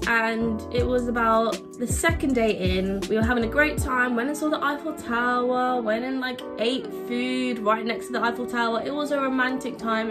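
A young woman telling a candid, crude and self-mocking story-time vlog, with music playing behind. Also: fairly high pitch. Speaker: vlogger. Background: background music.

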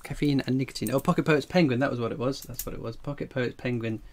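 A man's voice: medium pitch, quick pace, a little mellow. A man hosting a casual coin-collecting livestream. He reads chat messages aloud and rambles in a jokey way, jittery from strong coffee. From England.

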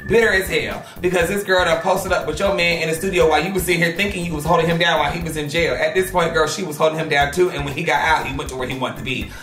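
A man hosting a gossip show, giving casual drama commentary in a sassy, profane, animated way. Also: fairly high pitch. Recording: echoey room with background music.

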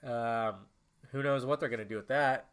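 A man's voice: mid-range voice, steady tone, normal speed. A young man hosting a casual solo podcast, rambling and emotional, cursing often as he talks. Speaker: podcast host.

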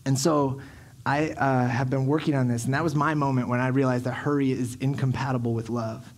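A man's voice: mid-range voice, steady tone, fairly quick, a little hiss or hum. A man in his thirties preaching a sermon, telling stories animatedly and acting out his children and himself. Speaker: pastor. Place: church sanctuary.

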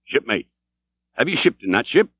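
Cackling ragged prophet type, high and taunting, ominous old man, lively swings, read by a male narrator. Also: normal speed, breathy edge, no echo. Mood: eerie mocking. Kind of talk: audiobook character reading. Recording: dull dry recording.

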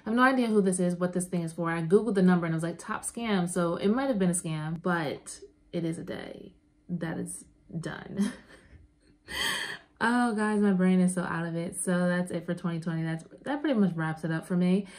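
A young woman from New York talking casually to her camera outdoors in a beach town, telling stories in a chatty, animated way with playful asides. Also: on the low side, normal speed. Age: young adult. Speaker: vlogger. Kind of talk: casual travel vlog.

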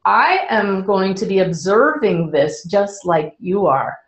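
An older woman, a spiritual medium, calmly and earnestly explaining her practice to a live audience. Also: medium pitch, slow pace, roomy sound, low-quality recording. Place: indoor event room with an audience.

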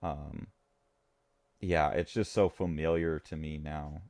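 Male podcast co-host, very deep voice, eager casual talk that slips into character lines. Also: steady tone, darkish tone. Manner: enthusiastic, acts out characters' lines in quick bursts. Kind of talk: casual chat.

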